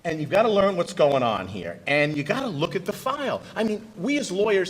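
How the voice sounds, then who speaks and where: A man's voice: high voice, big pitch swings, fairly quick, few pauses, a bit bright, low-quality recording. A middle-aged man, a trial lawyer from the United States, giving a conference presentation in a folksy, punchy manner and talking straight to the audience.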